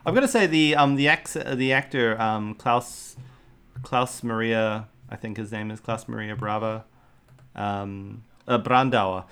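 Laid-back man, swearing, animated. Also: fairly low pitch, measured pace, clear, resonant tone. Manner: animated, swearing, quoting lines in put-on voices. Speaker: film podcast co-host. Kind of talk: casual chat.

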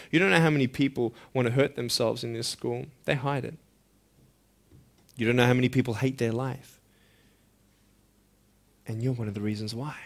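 A man giving a motivational speech to a school audience, impassioned, firing rhetorical questions and swinging between loud urging and hushed intensity. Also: medium pitch, creaky. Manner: direct rhetorical questions to listeners. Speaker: motivational speaker.

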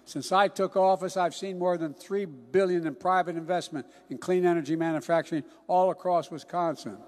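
An older man giving a political speech in a folksy, emphatic way, often dropping into hushed asides. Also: high-pitched, steady tone, moderate pace. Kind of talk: political campaign-style speech.

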